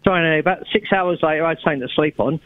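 A man's voice: on the high side, racing. A man phoning in to a radio show and telling rambling gag stories while chuckling at his own jokes. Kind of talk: jokey phone-in banter. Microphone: phone. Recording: tinny phone line.

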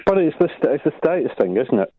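A man's voice: fairly high pitch, sing-song, fast, slightly rough, dry recording, muffled recording. A man with a northern English accent chatting easily as a radio co-host. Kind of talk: casual radio chat.

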